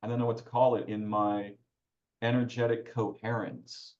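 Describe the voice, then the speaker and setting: A man with a low voice speaks as a podcast guest, working through his ideas aloud and breaking off to restart phrases. The sound is roomy and somewhat dull, with a lo-fi edge. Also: flat delivery, normal speed, a little mellow. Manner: searching, self-interrupting, restarts phrases. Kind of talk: reflective conversational talk.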